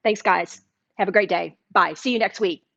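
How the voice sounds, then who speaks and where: A woman's voice: mid-range voice, moderate pace, creaky, a bit bright, no echo. Middle-aged Southern woman, cooking host, chatty and upbeat, dry dull livestream sound. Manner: chatty, enthusiastic, talks while eating. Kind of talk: live cooking demo chat.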